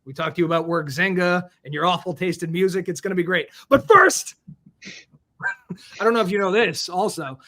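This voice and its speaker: A middle-aged American man with a notably high voice runs a loose, comedic talk show. He jokes and pokes fun at himself and his guests in quick asides. He talks over a video call. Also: sharp tone. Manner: joking, self-mocking, quick asides. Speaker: podcast host.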